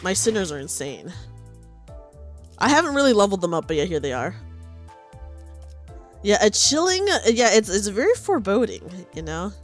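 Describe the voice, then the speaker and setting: Young woman streamer, playful and giggly, lively bouncing pitch, light music underneath. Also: normal speed, long pauses. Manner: playful, giggly, reads game dialogue aloud to chat. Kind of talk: casual gameplay commentary.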